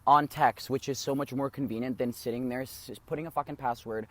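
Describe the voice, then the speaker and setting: A man's voice: mid-range voice, steady tone, fairly quick, a bit bright. A teenage young man co-hosting a podcast, chatting casually in a rambling way, swearing freely and acting out people in his stories. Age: teens. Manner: rambling, swears freely, acts out voices in anecdotes. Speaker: podcast co-host. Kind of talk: casual chat.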